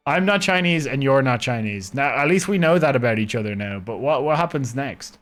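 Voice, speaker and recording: A man's voice: medium pitch, expressive, a little fast, fairly bright tone, soft background music. A man streaming a game live from his own room, rambling casually and chatting with his viewers. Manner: rambling, chatty, talking to chat.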